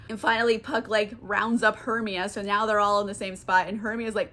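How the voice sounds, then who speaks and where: A woman's voice: a little high, steady tone, normal speed, hardly any pauses, a bit bright. A woman giving a casual, comic book summary, giggling often, swearing and saying "like" a lot. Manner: giggly, profane, lots of "like". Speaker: book vlogger.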